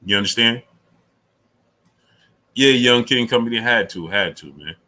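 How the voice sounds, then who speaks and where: A middle-aged man hosting a casual live stream, reading super chats, repeating himself and climbing high when he argues. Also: a little slow, rough recording. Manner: animated, repeats himself, rises sharply when arguing.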